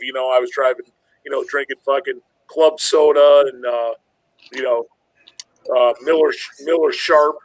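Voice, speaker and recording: A man's voice: mid-range voice, steady tone, moderate pace, dry recording, rough recording. Rambling, profane man telling a story. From Illinois, USA. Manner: rambling, profane, acts out the other voices in his stories. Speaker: podcast host. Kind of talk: casual storytelling chat.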